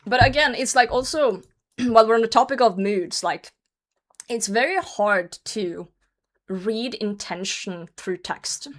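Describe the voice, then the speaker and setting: Speaking a little slowly in a fairly high voice, this woman livestreams herself gaming. Her talk with chat is casual, full of teasing, frequent laughter, and plenty of swearing.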